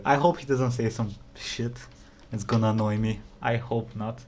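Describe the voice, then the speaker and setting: A man's voice: medium pitch, steady tone, normal speed, darkish tone. A young man from Bulgaria, hosting a casual reaction video and talking bluntly, with frequent swearing. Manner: blunt, swears often, easily annoyed.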